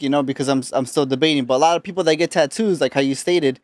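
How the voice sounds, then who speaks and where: A young man hosting a podcast, relaxed and quick to laugh. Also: a little high, no echo. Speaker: podcast host. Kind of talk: casual chat. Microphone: studio podcast mic.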